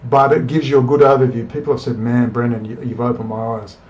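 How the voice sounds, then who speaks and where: A man rants to camera in a combative, profane monologue. He fires off rapid rhetorical questions and talks in a middle pitch for a man. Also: little pitch movement, darkish tone, slight background noise. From Australia. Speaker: political video commentator.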